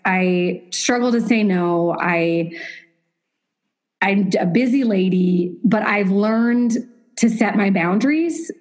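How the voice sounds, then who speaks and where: A woman guest from the United States, telling her own story openly and earnestly, with ready laughter. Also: mid-range voice. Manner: earnest, opens up readily, frequent laughter. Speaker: author and interview guest. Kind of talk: candid personal storytelling.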